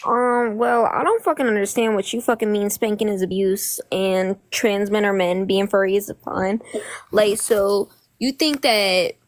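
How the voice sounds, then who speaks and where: A woman's voice: medium pitch, a little slow, no echo. An eighteen-year-old woman calling into a live debate, aggressive and swearing constantly. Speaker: caller. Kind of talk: heated live debate call.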